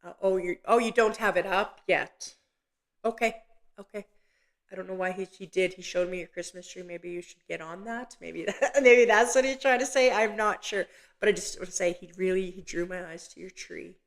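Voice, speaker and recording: Soft-spoken hesitant woman giving readings. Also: lowish voice, steady tone. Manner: gentle, halting, many ums and restarts. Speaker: psychic medium host. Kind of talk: live online reading.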